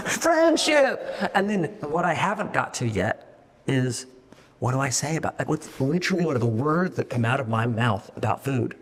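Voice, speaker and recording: A middle-aged man, a company founder, talking fast and casually to his staff, swearing freely and acting out little voices as he goes. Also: mid-range voice, in a large hall. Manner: fast, profane, animated, acts out voices. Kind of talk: casual meeting talk to staff.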